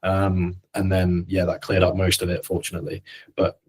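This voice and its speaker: A man's voice: deep voice, completely flat delivery, normal speed, slightly rough. A young man co-hosting a casual podcast, telling gym stories with laughs and casual swearing. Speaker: podcast co-host, coach.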